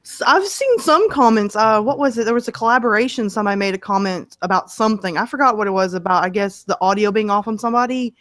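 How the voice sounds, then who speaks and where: A woman's voice: mid-range voice, fast, few pauses, a bit bright, no room sound. Woman chiming in with agreement. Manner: supportive, frequent agreeing interjections. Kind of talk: casual chat.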